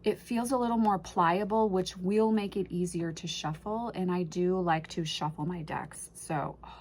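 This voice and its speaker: A woman's voice: on the low side, moderate pace, darkish tone, slight background noise. A woman casually unboxing and reviewing an oracle deck, gushing and emotional, often trailing off and restarting her sentences.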